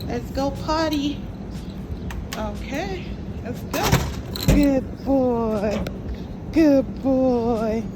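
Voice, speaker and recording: A woman's voice: high voice, extremely slow, long pauses, very noisy. A young woman vlogger talking to her new puppy, coaxing and praising him in affectionate baby talk.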